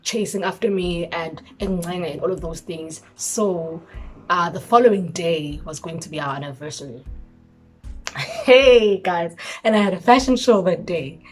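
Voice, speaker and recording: A young South African woman vlogger telling a personal story in an expressive voice, mixing in isiZulu words. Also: on the low side, normal speed, faint music behind. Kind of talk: storytime vlog.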